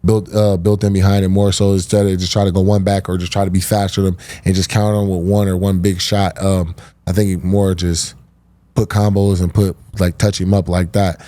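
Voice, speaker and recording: A man's voice: low-pitched, level tone, a little fast, dark tone, no echo. A man, a fighter on a podcast panel, breaking down upcoming bouts in a laid-back, slangy way with casual swearing.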